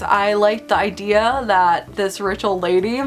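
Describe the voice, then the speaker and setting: A woman's voice: mid-range voice, steady tone, unhurried, faint music behind. A woman hosting a casual film review vlog, opinionated and nitpicking, often laughing between points.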